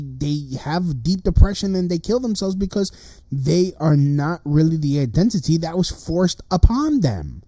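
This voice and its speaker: Thirties male streamer, dark, unhurried voice, cursing and agitated in a solo rant. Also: fairly high pitch, no echo. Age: 30s. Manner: profane, agitated ranting with many restarts. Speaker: livestream host. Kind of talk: ranting livestream monologue.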